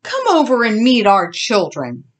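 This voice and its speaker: Kind, consoling pig in a storybook , as a woman puts it on, lilting pitch, slow delivery. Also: sing-song.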